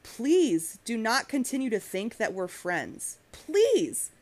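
A woman's voice: on the high side, expressive, a little slow. A young woman hosting a podcast, ranting bluntly and emotionally with profanity and many restarts. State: emotional, angry. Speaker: podcast host. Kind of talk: heated podcast rant.

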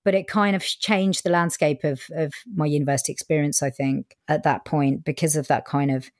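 A woman's voice: deep voice, steady tone, a little fast, a little mellow, dry recording, studio quality. A woman from England, telling her own story frankly in an interview, with plenty of fillers and the odd swear word. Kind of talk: candid personal storytelling.

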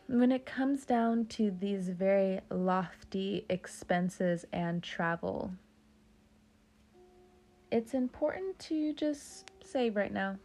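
A young woman reads tarot in a warm, animated, medium-pitched voice at a slow pace. It's a casual session where she jokes around, swears without restraint, and drifts off topic.

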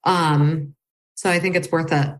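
A woman co-founder as a podcast guest, explaining in a relaxed, easygoing way with frequent fillers. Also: deep voice, unhurried, a little hiss or hum. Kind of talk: casual interview conversation.

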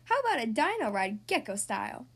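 Cheerful boy hero, excitable, high and bright, played by a woman. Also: fairly quick, slightly rough, full character voice. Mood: excited.

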